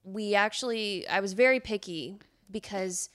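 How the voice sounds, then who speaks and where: Young woman, smooth resonant voice, casual podcast chat, fillers and restarts. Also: mid-range voice, normal speed, fairly bright tone. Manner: laughs often, many fillers and restarts. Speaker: podcast guest, YouTuber.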